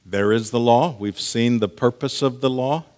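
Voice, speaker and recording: A man preaching a sermon, teaching with measured delivery that swings between hushed lines and emphatic stresses. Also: medium pitch. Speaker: pastor.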